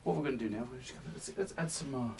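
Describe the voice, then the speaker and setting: A man hosting a painting demonstration, gentle and encouraging, often sinking to a soft near-whisper. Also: mid-range voice, very fast, creaky. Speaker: painting tutorial host. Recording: slightly distant mic with faint hiss.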